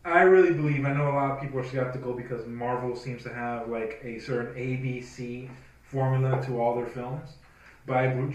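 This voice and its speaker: A man hosting a casual panel chat, leading the discussion and putting questions to his guests. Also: medium pitch. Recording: roomy echo, distant mic.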